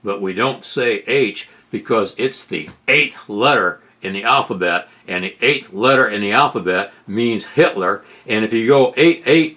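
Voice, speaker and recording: A middle-aged man giving sarcastic political commentary over video clips, incredulous and rising to loud outbursts. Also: lowish voice, unhurried, hardly any pauses. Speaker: commentary host.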